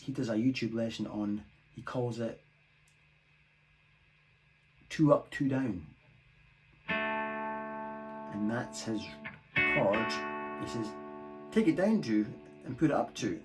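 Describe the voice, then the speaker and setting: Guy rambling through a guitar lesson on his phone, loud guitar and drum loop going behind him. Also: medium pitch, expressive, slow pace, long pauses, rough recording. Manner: chatty, thinking aloud, self-deprecating. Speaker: guitar teacher. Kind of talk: casual guitar lesson talk. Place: home room, guitar played between phrases. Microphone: phone mic.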